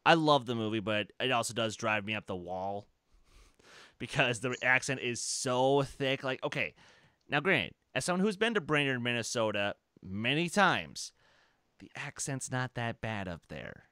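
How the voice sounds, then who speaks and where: A man's voice: mid-range voice, animated, normal speed, bright, forceful tone, clean tone, no room sound, clean studio sound. A man hosting a casual podcast chat, talking enthusiastically in long rambling stretches and laughing often. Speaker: podcast host.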